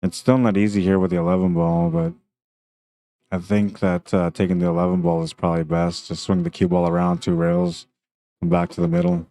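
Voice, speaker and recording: A man's voice: low-pitched, a little fast, vocal fry. A man doing live commentary on a pool tournament stream, chatting casually and reading viewer comments between shots. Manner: relaxed, chatty, laughs often. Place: tournament venue.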